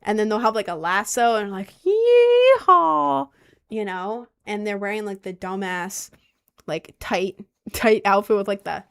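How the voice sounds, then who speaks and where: A woman's voice: mid-range voice, steady tone, normal speed, clean tone. A young woman chatting casually on a vlog, rambling and unsure of herself, with lots of fillers and restarts. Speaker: vlogger.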